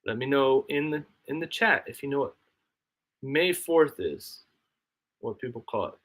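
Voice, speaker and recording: A man's voice: medium pitch, lively intonation, a little slow, a bit bright. A man hosting a casual live stream from his homestead, chatting in a rambling way and answering his chat aloud. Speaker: livestream host. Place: home, homestead.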